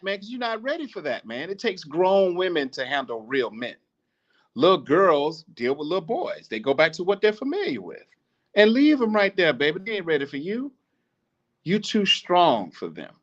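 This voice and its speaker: Podcast host, male: high voice that jumps all over, preachy and profane, dull lo-fi audio. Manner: animated, swearing, laughs often, preachy. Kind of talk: casual monologue.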